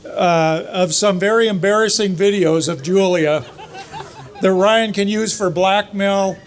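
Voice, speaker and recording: Middle-aged man, father of the bride, high pitch, joking, halting with fillers, reception speech on handheld mic. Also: some chatter behind. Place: wedding reception hall.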